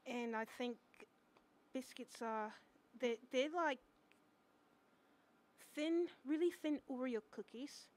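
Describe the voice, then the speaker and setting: A woman's voice: sits high, slow pace, long pauses, a little mellow. A woman co-hosting a casual live chat show, playful and teasing. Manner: playful teasing, puts on a fake British voice. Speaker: co-host.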